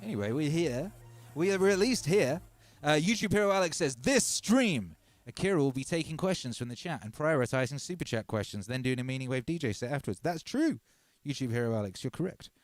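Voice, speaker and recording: With a fairly high, animated voice at a fairly quick clip, this man hosts a casual livestream, reading out viewer comments and addressing people as brother and sister. He's a music producer who rambles, pokes fun at himself, and keeps restarting amid lots of fillers. No room sound comes through.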